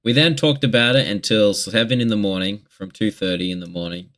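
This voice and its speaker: A man's voice: fairly low pitch, a little fast, a bit bright. A young man in a casual confessional vlog monologue, rambling and candid with heavy swearing. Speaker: vlogger.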